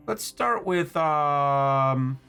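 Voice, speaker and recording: A man's voice: a little high, expressive, drawn-out words, gravelly, sharp tone, clean tone, faint music behind. A man hosting a casual let's-play, thinking aloud as he plays and often stumbling over words. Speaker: gaming channel host.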